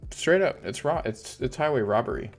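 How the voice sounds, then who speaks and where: A man's voice: mid-range voice, animated, brisk, soft background music. A man hosting a casual livestream, ranting in frustration and swearing heavily. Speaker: crypto livestream host.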